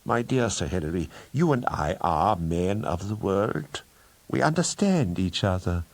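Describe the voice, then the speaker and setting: A man reading an audiobook, voicing a smooth, scheming middle-aged count who tempts with bribes. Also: low voice, sing-song, a little slow, dry recording, exaggerated voice. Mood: silky bribing. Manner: smooth, persuasive, wheedling. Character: silky sinister middle-aged male count.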